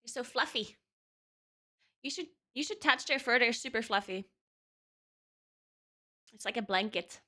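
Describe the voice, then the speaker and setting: A woman live streamer talks casually to her viewers from home, her cats nearby. Her voice is bright and a little high, and she laughs often as she chats. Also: expressive, normal speed, pauses often. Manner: chatty, laughs often between remarks.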